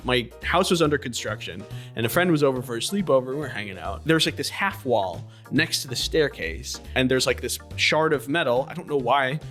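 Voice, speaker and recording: Animated young man telling stories. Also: medium pitch, fairly quick, soft background music. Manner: animated, self-mocking storyteller. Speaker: guest. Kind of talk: casual chat storytelling.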